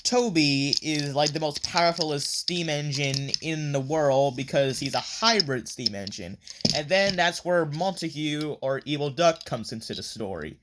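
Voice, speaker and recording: A man's voice: a little high, lively intonation, unhurried, noisy background. A man casually recapping a story in a rambling review, with many fillers and offhand swearing.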